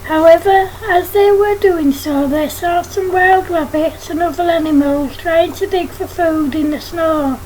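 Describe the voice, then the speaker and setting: A woman reads her own children's story aloud in a very high voice, slowly and steadily. A faint hiss sits under her voice. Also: poor audio. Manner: plain, steady reading.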